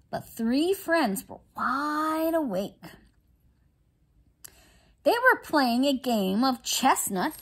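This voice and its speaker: A woman reading a children's story aloud at a slow, careful pace. Her voice is high and lively, rising and falling freely. She takes her time over each sentence. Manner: expressive, deliberate storytelling. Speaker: library storyteller.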